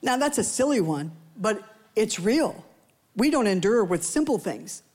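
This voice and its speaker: A woman's voice: sing-song, unhurried, a little mellow, breathy edge. Woman preaching conversationally. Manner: conversational, playful asides to the congregation; acts out quoted voices with rising pitch. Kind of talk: sermon.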